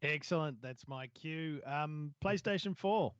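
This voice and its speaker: A man's voice: a little high, measured pace, a bit bright, clean tone, no room sound, muffled recording. A man co-hosting a casual tech news podcast, rambling with many fillers and restarts. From Southern Hemisphere. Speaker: podcast co-host.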